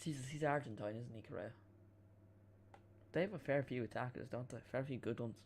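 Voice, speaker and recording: A man's voice: mid-range voice, fairly quick, slight background noise. A young man giving casual live commentary on a football match as a watchalong streamer, chatty, with swearing and self-mocking asides.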